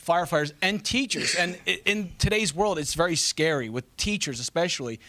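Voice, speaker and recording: Male radio host, chatty and teasing, slightly higher voice, dry close mic. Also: animated, fairly quick, pushed and bright, no room sound. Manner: chatty, teasing, laughs easily. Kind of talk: casual radio interview.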